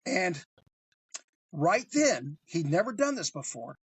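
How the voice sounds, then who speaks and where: A man telling a tense true crime story in a casual podcast chat, lively and full of swearing. His voice is husky and a little rough. The sound is close and dry, with no room around it. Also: sits high, takes it slowly, dry recording. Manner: animated, swears freely, acts out voices. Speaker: guest storyteller.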